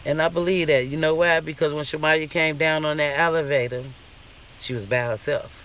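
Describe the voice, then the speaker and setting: A man's voice: a little high, fairly even intonation, normal speed, a bit bright, smooth. A man vlogging a casual, profane rant in an indignant, questioning way.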